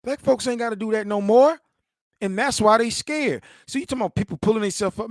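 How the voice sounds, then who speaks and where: A man's voice: high-pitched, brisk, dry recording, studio quality. A man hosting his own online show, reacting with passion to a clip and talking straight to the viewer in casual slang. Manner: impassioned, repeats himself, talks back to a video. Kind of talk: casual commentary monologue.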